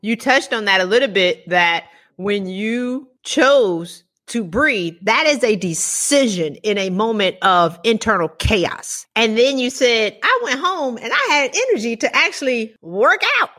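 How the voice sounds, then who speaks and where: A woman hosting a podcast interview, laughing often and acting out animated retellings. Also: on the high side, measured pace, few pauses. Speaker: podcast host. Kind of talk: casual interview chat.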